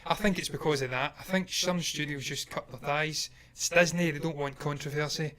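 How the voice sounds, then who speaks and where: A man's voice: fairly high pitch, steady tone, fairly quick, bright, forceful tone, slight background noise. A man co-hosting a casual movie news chat, speaking in an opinionated, emphatic way and laughing easily. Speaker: co-host of a movie news show.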